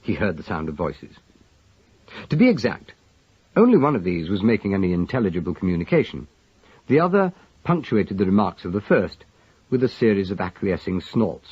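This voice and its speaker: A man narrating a mystery story in an expressive, measured way, with a husky voice, on a dull lo-fi recording. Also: low-pitched, no echo. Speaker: audiobook narrator.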